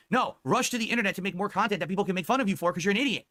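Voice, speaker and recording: A man's voice: sits high, very fast, hardly any pauses, pushed and bright. A man ranting on a stream, mocking and profane.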